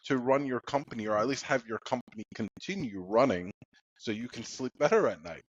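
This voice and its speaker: A man co-hosting a podcast in a calm, laid-back way, leaning on lots of "you know" fillers. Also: mid-range voice, brisk, slightly rough, no room sound, dull audio. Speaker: podcast co-host. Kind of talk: casual podcast chat.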